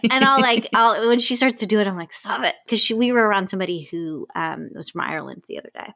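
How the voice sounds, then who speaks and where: A woman chatting casually with friends, quick to laugh. She tells a light anecdote in an easy, unhurried way. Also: medium pitch, bright, forceful tone, no echo, clean studio sound. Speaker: podcast co-host. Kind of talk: casual chat.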